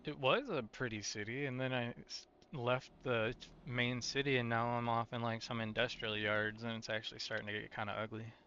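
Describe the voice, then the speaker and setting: Gravelly guy chatting thru a truck game, bright edgy voice, jokey, dull lo-fi mic. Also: medium pitch, flat delivery, fairly quick, hardly any pauses, slight background noise. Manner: laid-back, joking, thinks aloud. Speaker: game streamer. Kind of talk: casual gameplay commentary.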